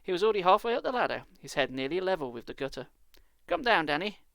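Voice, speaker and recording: A man's voice: on the high side, very animated, very fast, creaky, fairly bright tone, no room sound. A British man reading a children's book aloud live, with dry, sarcastic asides. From Britain.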